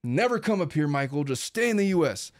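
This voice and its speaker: A man's voice: a little high, a little fast, darkish tone, dry recording, studio quality, close to an everyday voice. A man reading the words of an angry woman berating her husband, in an insistent, accusing rush.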